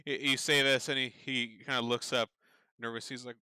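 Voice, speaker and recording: A man narrating a tabletop game as game master, relaxed and full of fillers. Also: medium pitch, a little fast, clean tone, dry recording.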